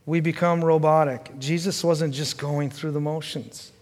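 A male pastor preaching a sermon, asking the congregation questions and swinging from fervent pleading to quiet, low reflection. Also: fairly even intonation, measured pace, big-room sound. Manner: earnest and questioning, rising to fervent pleading then dropping low.

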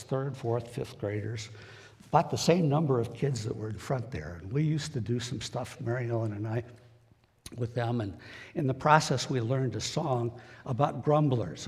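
In a church sanctuary, a preacher with a mid-range, slightly breathy voice delivers a folksy, plain-spoken sermon straight to his congregation. The large hall gives his conversational words an echo.

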